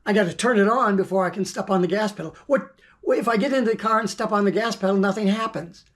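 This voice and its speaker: A woman's voice: medium pitch, fast. Blunt, chatty woman teaching forex trading. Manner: blunt, conversational, repeats words while thinking, occasional swearing. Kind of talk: informal teaching monologue.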